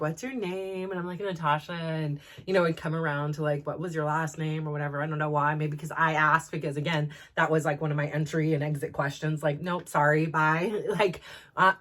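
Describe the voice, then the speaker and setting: A woman's voice: lowish voice, fairly bright tone. A woman from California with a Valley girl accent, telling personal stories in a chatty podcast monologue full of "like". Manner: chatty, peppered with "like", quick laughs. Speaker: podcast host. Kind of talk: casual storytelling monologue.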